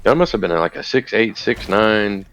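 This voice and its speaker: A man's voice: lowish voice, moderate pace, fairly bright tone. A man casually retelling a story while gaming, rambling and profane. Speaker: gamer recounting a news video.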